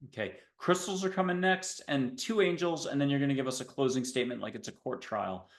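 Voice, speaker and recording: A man's voice: mid-range voice, a little fast. Male host, enthusiastic and rambling, midrange voice, roomy echo. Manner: enthusiastic, rambling, playful wordplay. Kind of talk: enthusiastic spiritual talk show chat.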